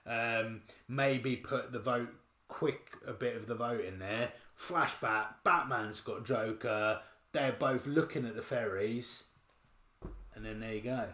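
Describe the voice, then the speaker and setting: A man's voice: medium pitch, moderate pace, a bit bright, echoey room. A man from the UK co-hosting a podcast, talking casually about a film, rambling and restarting his sentences. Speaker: podcast co-host. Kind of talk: casual chat, film review.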